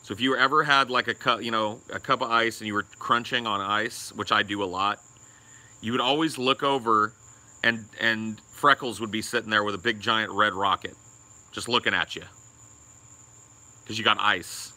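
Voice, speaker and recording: A man's voice: on the low side, fairly even intonation, normal speed, sharp tone. A young man co-hosting a podcast, telling a rambling, crude story and swearing a lot. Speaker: podcast co-host.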